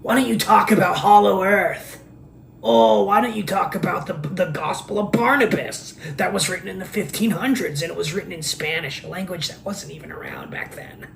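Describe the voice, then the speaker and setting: A man's voice: high-pitched, normal speed, creaky, fairly bright tone, slight background noise, voice pushed up. A man voicing a conspiracy-obsessed male online commenter, nagging and mocking as he rattles off demands. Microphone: camera microphone.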